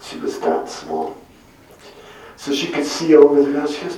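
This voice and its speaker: A man's voice: fairly high pitch, very animated, moderate pace, dark tone. A middle-aged man telling a personal testimony in a church, earnest and with wry self-deprecating humor. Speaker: church speaker giving a testimony. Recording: very echoey room, mic far off.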